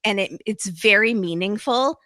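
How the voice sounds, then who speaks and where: A bright-voiced woman hosts a casual podcast recap. She chats fast and loose, full of "like" and "um," and the sound is dry and close to the mic. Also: mid-range voice, no room sound. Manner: chatty, lots of "like" and "um", animated retellings. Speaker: podcast host.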